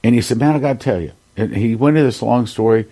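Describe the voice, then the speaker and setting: A man hosting a ministry broadcast, telling stories of healings in a chatty, lively way. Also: mid-range voice, fast talker. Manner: animated storyteller who acts out quoted people. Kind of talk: conversational broadcast testimony sharing.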